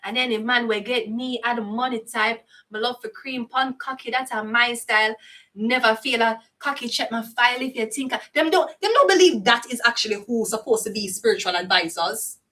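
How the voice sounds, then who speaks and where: Older jamaican lady doing tarot, cussing, bright high voice, kinda far from the mic. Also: brisk. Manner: profane, heated, slips into patois. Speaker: tarot reader. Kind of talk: casual ranting monologue. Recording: voice set back from the mic.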